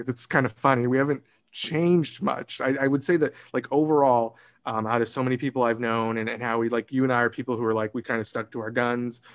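A man in his late thirties talking reflectively in a casual conversation, rambling with frequent restarts. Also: mid-range voice. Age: 30s.

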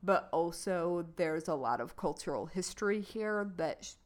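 A woman's voice: on the low side, moderate pace. A woman with a Midwestern American accent, co-hosting a podcast in casual, rambling chat full of fillers. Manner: relaxed, rambling, many fillers. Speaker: podcast co-host.

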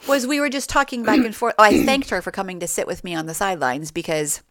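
A woman's voice: mid-range voice, fast talker, a bit bright, no echo, clean studio sound. A woman in her forties co-hosting a podcast, chatting casually with friends, retelling conversations and laughing often. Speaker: podcast co-host. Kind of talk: casual chat among friends. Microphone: studio mic.

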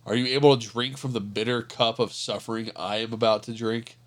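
A man reading the words of Jesus as a calm, earnest grown male teacher in a scripture reading. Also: medium pitch, fairly quick, natural voice. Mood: solemn.

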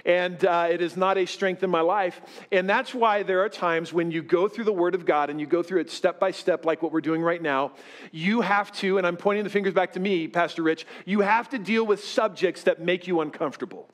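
Here a fifty-year-old pastor delivers a sermon to his congregation live in the church sanctuary, his voice pitched high and moving a bit quickly. His style is relaxed and self-deprecating, thick with filler words.

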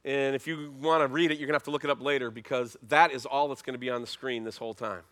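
A middle-aged man preaching a sermon as pastor, talking in a conversational way with emphatic, animated bursts. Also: mid-range voice, fast talker.

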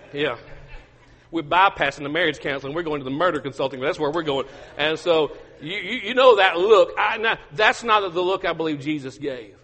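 A man's voice: fairly high pitch, a little fast, a bit bright, long reverb tail. A male pastor preaching a sermon, emphatic and repetitive, with humorous asides.

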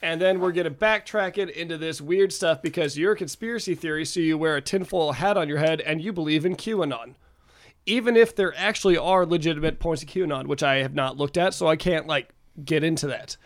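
A man's voice: on the high side, brisk. A man co-hosting a casual podcast chat, rambling with many fillers and restarts, swearing freely. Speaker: podcast co-host.

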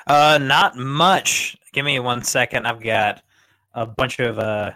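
A man's voice: mid-range voice, takes it slowly, gravelly, pushed and bright. A man calling in to a talk show over a crackly internet line, rambling with many hesitations. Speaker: caller. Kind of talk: casual call-in chat. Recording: crackly internet call audio.

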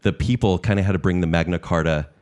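A man co-hosting a casual podcast, telling history stories in a lively, playful way. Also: low-pitched, quick pace. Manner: animated storyteller who acts out historical figures. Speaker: podcast co-host. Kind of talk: casual chat, storytelling.

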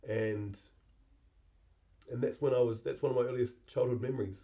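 A middle-aged man, hosting a podcast and telling a personal memory in a halting, reflective way that often repeats words. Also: medium pitch, steady tone, dark tone. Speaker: podcast host.

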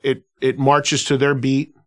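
A radio host tells anecdotes casually and animatedly, often restarting and leaning on "you know" as filler. His voice is medium in pitch with a measured pace.

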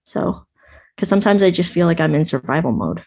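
A woman's voice: lowish voice, fairly quick, gravelly, a little mellow, breathy edge. A woman sharing personal reflections in a casual Bible study group, rambling with many fillers. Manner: rambling, filler-heavy, self-questioning.

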